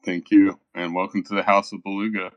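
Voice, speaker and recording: A shy man hosting an online community room, speaking haltingly with frequent pauses. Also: low-pitched, flat delivery, no echo, dull audio. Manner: soft-spoken and halting, many pauses. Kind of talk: casual chat.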